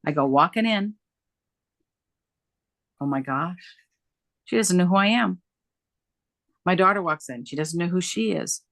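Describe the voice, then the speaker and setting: A middle-aged woman speaking as an interview guest, her delivery animated and emphatic as she recounts events and leans on repetition. Her voice sits at an ordinary pitch for a woman. The sound is dry and close, with no room echo. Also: a little slow, vocal fry, long pauses. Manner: animated, emphatic, repeats phrases for effect. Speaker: guest, dementia care coach. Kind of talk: conversational interview storytelling.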